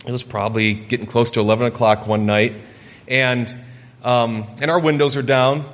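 A man's voice: mid-range voice, normal speed. Guy in his 40s from michigan telling a story in a sermon, earnest, voice rings out in a big reverby hall. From Michigan, USA. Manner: earnest storytelling, gets lively acting out quotes. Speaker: preacher.

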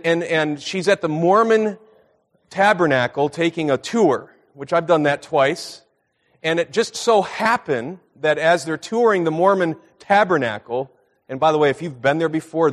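High-voiced preacher in a reverberant hall. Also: male voice, fairly bright tone. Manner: conversational storytelling preaching, repeats for emphasis. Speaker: pastor. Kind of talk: sermon. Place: church meeting room.

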